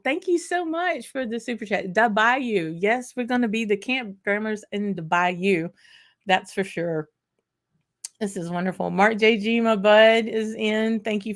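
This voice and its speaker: A woman hosting a casual livestream, excitedly greeting viewers by name with lots of fillers. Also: mid-range voice, creaky. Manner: excited, chatty, many fillers and laughs. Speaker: whisky channel host.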